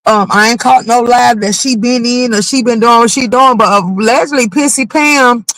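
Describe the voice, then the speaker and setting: A woman hosting a casual livestream gossip commentary. She talks in an animated, blunt and profane way and keeps reacting to her chat. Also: fairly high pitch, normal speed, dry recording, low-quality recording.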